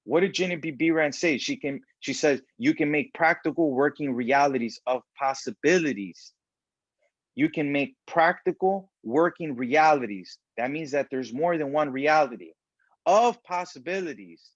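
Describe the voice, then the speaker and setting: A man giving a motivational self-help talk in a preachy, animated way, acting out the voices of people he quotes. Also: a little high, moderate pace, no room sound. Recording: dull lo-fi sound.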